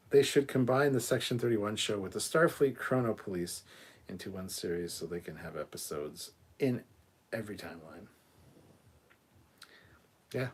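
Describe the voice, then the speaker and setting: A man's voice: lowish voice, slightly rough. A man hosting a casual live stream, reading viewer comments aloud and answering them with blunt, profane asides. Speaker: livestream host.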